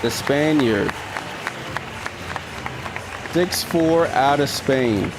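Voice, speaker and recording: A man's voice: medium pitch, drawn-out words, a crowd in the background, background noise. A man with a New York accent hosting a live stream, giving casual reaction commentary, thinking aloud and talking to his viewers with hesitant ums. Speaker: livestream host.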